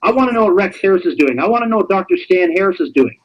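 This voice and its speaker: High-voiced man pitching on a lo-fi webinar. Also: racing. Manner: animated, teasing, repetitive salesman patter. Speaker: webinar presenter.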